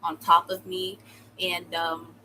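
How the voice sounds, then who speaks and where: A young woman from the United States telling a personal story in a casual, slangy way, with sudden loud outbursts. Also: lowish voice, slow, a little hiss or hum, rough recording. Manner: animated, slangy, swings into loud exclamations. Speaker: vlogger.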